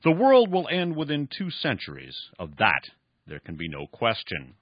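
A man voicing a frail, dying old man who coldly lectures with a raspy voice. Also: mid-range voice, huge pitch swings, normal speed, dry recording, dull audio, pitched above the performer's own voice. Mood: cold, lecturing. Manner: raspy, pronouncing grim verdicts.

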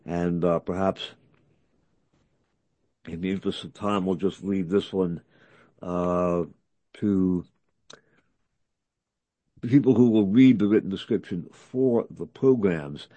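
A man hosting a talk program, reading article excerpts aloud in a halting way, with many fillers and restarts. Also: deep voice, mellow, dry recording. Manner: halting, many fillers and restarts, reads quotes with acted emphasis. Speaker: radio host.

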